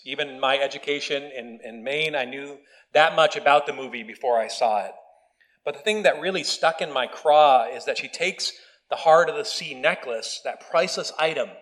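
A pastor giving a conversational video sermon, with casual asides and self-deprecating humor. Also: male voice, mid-range voice, a bit bright, low-quality recording. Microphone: video recording.

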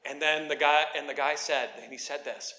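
A man preaching a sermon, telling a lively story with playful asides and then teaching in a quieter, earnest way. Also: fairly high pitch, normal speed, background noise. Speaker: pastor.

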